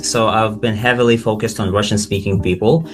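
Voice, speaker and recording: A man hosting a casual interview and tutoring pronunciation, talking with many restarts and animated questions. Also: lowish voice, fairly quick, faint music behind. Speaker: podcast host and pronunciation tutor.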